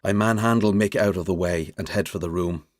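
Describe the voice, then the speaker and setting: A man's voice: low-pitched, a little fast, dry recording, studio quality. A man narrating a suspense audiobook in the first person, telling it dramatically. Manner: expressive, dramatic storytelling.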